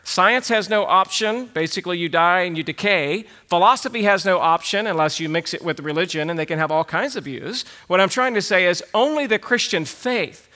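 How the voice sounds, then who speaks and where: A man delivering a sermon in a high, bright voice. He declares his points with firm conviction and drives them home by repeating key phrases. His delivery is emphatic and direct. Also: expressive, fairly quick, few pauses. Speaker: pastor.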